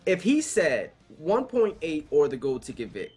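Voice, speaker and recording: Lively, teasing man chatting on a podcast. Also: a little high, normal speed, soft background music. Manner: laid-back, teasing, often laughs along. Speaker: podcast co-host. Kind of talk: casual chat.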